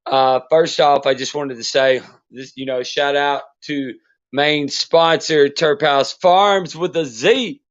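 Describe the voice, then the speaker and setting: A man ranting bluntly and profanely as a podcast host, in loose casual talk. His voice sits somewhat high. The recording sounds dull and lo-fi. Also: fairly even intonation, slow pace. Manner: profane, blunt sports rant.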